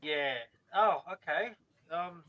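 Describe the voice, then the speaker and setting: A man's voice: on the high side, slow, lo-fi sound, slight background noise. A man playing a crude, boozy gnome. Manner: joking, swears freely. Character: gruff male gnome newcomer, boozy and crude. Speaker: player. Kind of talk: tabletop role-play in character.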